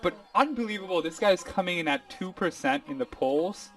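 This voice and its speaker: A man hosting a podcast in casual chat, talking in an animated, mocking way. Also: high-pitched, a little fast, far from the mic. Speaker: podcast host.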